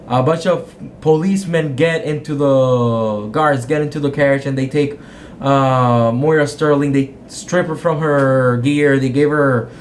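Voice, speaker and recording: A man's voice: on the high side, darkish tone, a little hiss or hum. A man game master casually retelling a tabletop game session, rambling and correcting himself as he goes and acting out the characters' quotes. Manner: rambling, self-correcting storyteller who acts out quotes.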